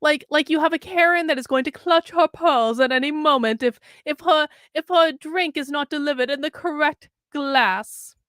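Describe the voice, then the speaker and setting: Sarcastic high-voiced woman host. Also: normal speed, few pauses, a bit bright, no echo, clean studio sound. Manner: sarcastic, mocking, reads articles aloud with asides. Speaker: commentary show host. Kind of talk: sarcastic news commentary.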